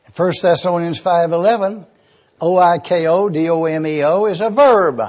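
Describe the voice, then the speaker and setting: A man's voice: sits high, moderate pace, a little mellow, muffled recording. A man preaching a sermon, eagerly teaching word meanings and spelling terms out letter by letter. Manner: enthusiastic teaching.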